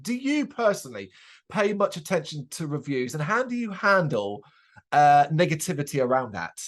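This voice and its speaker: A man hosting an interview, asking questions in a halting but enthusiastic way, often restarting his phrases. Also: fairly high pitch, very animated. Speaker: interviewer host.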